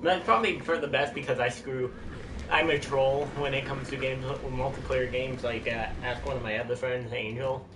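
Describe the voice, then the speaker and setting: Brief: jokey male game streamer, mid-pitched, sudden yelps, heard in a roomy space with loud background noise. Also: steady tone, normal speed. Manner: jokey, jumpy outbursts. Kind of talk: casual gameplay commentary. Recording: roomy, distant mic, noisy.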